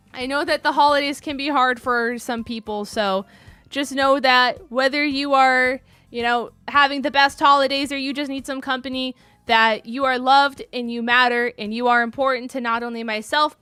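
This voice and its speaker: A woman's voice: sits high, pushed and bright, no echo. A young woman live streamer chatting casually and gushing thanks to her viewers. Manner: gushing, effusive thanks to chat. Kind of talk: casual chat.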